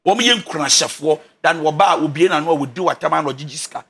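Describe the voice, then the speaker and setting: Animated Ghanaian counselor man with a bright voice. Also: on the high side, fast talker. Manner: emphatic, preacher-like, repeats key phrases. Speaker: relationship counselor.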